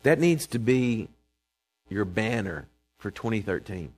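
A man, preaching a sermon to his congregation, emphatic and calling for responses, swinging between loud proclamations and quiet asides. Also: fairly low pitch, lively intonation, measured pace. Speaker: pastor. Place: church sanctuary before a congregation.

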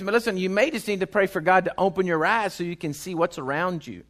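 A man preaching a sermon, swinging between loud bursts and hushed, quiet stretches. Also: high-pitched, quick pace, hardly any pauses. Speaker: pastor.

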